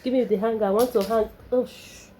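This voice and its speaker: A woman's voice: on the high side, steady tone, a little fast. A young Nigerian woman vlogging at home, playful and laughing often as she coaxes her baby son. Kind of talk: casual home vlog talking to camera and her baby. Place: home, indoors.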